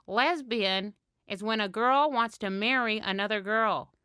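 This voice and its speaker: A woman's voice: mid-range voice, unhurried, sharp tone, clean tone, dry recording, clean studio sound. A woman voicing a stern older school nurse who lectures a class in a solemn, moralizing tone.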